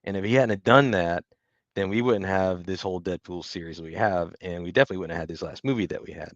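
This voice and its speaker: Low-voiced man on a dry, dull mic. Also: fast talker, no echo. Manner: thoughtful, hedging storyteller. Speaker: podcast co-host. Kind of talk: casual chat.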